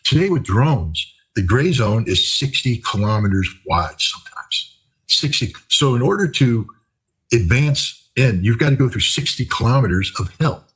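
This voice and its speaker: A man's voice: mid-range voice, expressive, moderate pace, fairly bright tone, breathy edge, low-quality recording. An older man talking in a casual interview, telling stories in an emphatic, repetitive way. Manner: emphatic, repetitive, vivid storytelling. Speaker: commentator.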